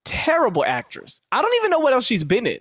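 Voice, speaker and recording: A man's voice: very high-pitched, quick pace, no echo, studio quality. A man co-hosting a movie podcast, ranting casually and acting out quotes in voices. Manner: animated, profane, acts out quotes in voices. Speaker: podcast co-host. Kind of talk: casual movie review chat.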